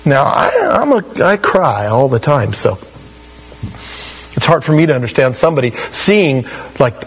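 In poor-quality audio, a pastor preaches with a mid-range, slightly rough, unhurried voice. He tells stories animatedly, acting out the voices of people he quotes and laughing at his own tales.

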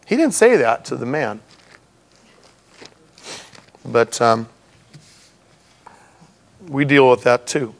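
A man's voice: mid-range voice, very animated, takes it slowly, gravelly, pauses often. A middle-aged man preaching a sermon in a conversational way, with humorous asides to the congregation. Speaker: pastor.

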